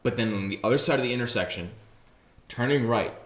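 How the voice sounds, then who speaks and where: A young man co-hosting a podcast in casual chat, teasing his co-host in a deadpan way and telling his own stories. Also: medium pitch, fast. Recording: roomy echo.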